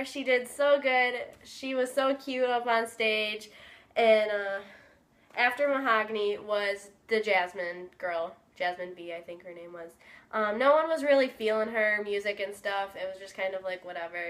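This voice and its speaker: A woman's voice: medium pitch, a little slow. Chatty young woman telling a story. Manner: chatty, excitable, many fillers. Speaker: vlogger. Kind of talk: casual storytelling.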